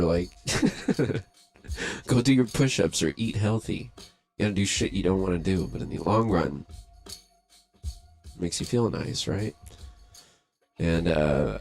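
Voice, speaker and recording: A man's voice: lowish voice, darkish tone. A man hosting a live beatmaking stream, rambling in a loose, profane, laid-back way. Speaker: livestream beatmaker host. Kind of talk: casual livestream chat.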